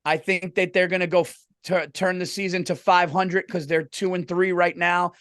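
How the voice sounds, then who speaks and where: A man's voice: high voice, level tone, moderate pace, fairly bright tone, smooth, no room sound, studio quality. A man co-hosting a casual sports podcast, telling stories loosely and laughing often. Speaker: podcast co-host.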